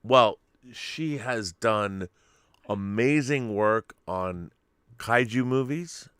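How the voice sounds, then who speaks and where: A man's voice: lowish voice, extremely slow, fairly bright tone, clear, resonant tone, dry recording, clean studio sound. A man hosting a casual live-streamed show, reading out viewer tips and getting flustered by his co-host's jokes. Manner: flustered, exclaiming, stammering restarts. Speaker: podcast host.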